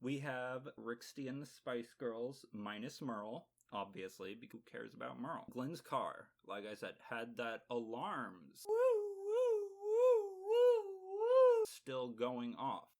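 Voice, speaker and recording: A man's voice: mid-range voice, unhurried, creaky, few pauses, fairly bright tone. A man giving a casual, campy and sarcastic recap of a TV episode, swearing freely. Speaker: TV show reviewer.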